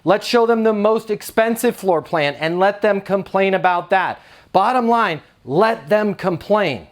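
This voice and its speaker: A man, around his thirties, training property managers in a punchy, emphatic coaching style, acting out quick dialogue examples. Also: sits high, background noise. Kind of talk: energetic coaching talk to camera.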